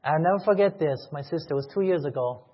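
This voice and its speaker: Man preaching, high pitched, husky, pleading sermon, long church reverb. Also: fast. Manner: emotional, pleading preaching with repeated questions. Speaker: pastor. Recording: echoey hall, muffled lo-fi sound.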